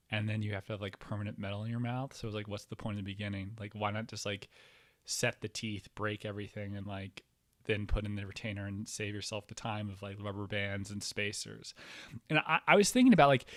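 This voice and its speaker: A young man hosting his own show, talking casually to camera in a rambling, profane way that swings from loud outbursts to low mumbling. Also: no echo. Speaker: podcast host. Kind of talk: casual solo talk to camera.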